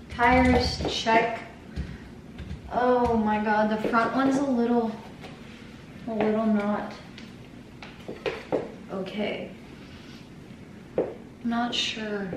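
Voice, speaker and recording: Recorded indoors at home with roomy sound and a noisy background, a young vlogger chats to herself while getting ready. Her voice sits on the high side, and she rambles and curses freely.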